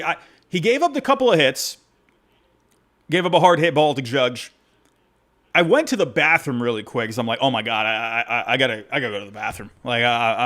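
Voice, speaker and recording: A man hosting a postgame baseball reaction show, talking in an excitable, rambling way that keeps breaking off and restarting. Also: mid-range voice. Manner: excitable, rambling, self-interrupting. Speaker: podcast host.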